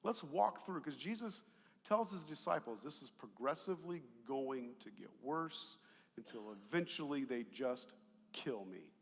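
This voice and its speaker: A man preaching a sermon as pastor, animated and conversational, swinging from loud emphatic peaks to quiet asides, with jokes and rhetorical questions. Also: medium pitch, measured pace, breathy edge, long reverb tail. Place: church auditorium.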